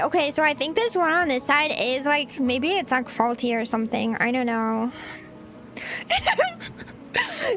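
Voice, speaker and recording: A woman's voice: high voice, a little slow, long pauses, a bit bright, a little hiss or hum. A woman streaming herself cooking, chatting flustered and giggly to her viewers. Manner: giggly, flustered, talks to chat while cooking. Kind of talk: casual livestream chat.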